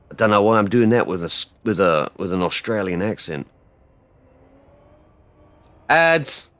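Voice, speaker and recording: A man streaming a game live, rambling casually and bursting out loudly when things go right. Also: on the low side, unhurried, long pauses, no echo. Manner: rambling and excitable, with loud outbursts. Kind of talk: casual live-stream chat while gaming.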